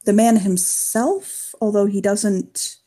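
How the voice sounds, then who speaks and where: A woman narrating a tabletop role-playing game as game master, pausing and restarting as she searches for words and sighs. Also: medium pitch, warm tone. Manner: halting, searching for words, sighing.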